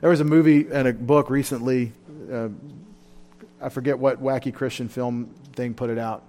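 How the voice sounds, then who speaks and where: A man preaching a sermon at a Bible study, fervent and emotional, his voice rising loud and then dropping back. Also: mid-range voice, fairly even intonation, moderate pace. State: tired. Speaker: pastor.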